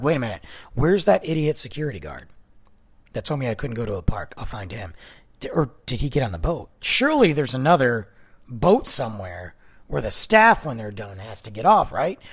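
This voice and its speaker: A man in his thirties or forties tells a personal story casually, from excited bursts down to near-hushed lines. His voice is a little husky and sits somewhat high. It moves through a wide, lively range of pitch. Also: a little fast. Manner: animated, swings from excited to hushed.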